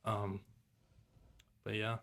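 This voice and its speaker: A man's voice: fairly low pitch, completely flat delivery, very slow, vocal fry, a bit bright. A young man on a podcast, casually telling turkey hunting stories in a rambling, laid-back way, swearing and mimicking the calls. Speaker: guest turkey hunter.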